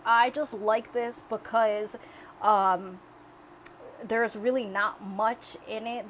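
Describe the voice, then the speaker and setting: A woman's voice: mid-range voice, slight background noise, poor audio. A young woman cooking in her home kitchen, chatting casually and explaining each step as she goes. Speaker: home cook.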